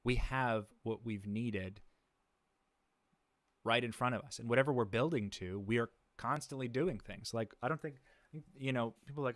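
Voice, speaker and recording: A man's voice: mid-range voice, normal speed, no room sound. A man hosting a livestream, chatting casually with many fillers and restarts, chuckling now and then. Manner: laid-back, chuckles often. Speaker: livestream host.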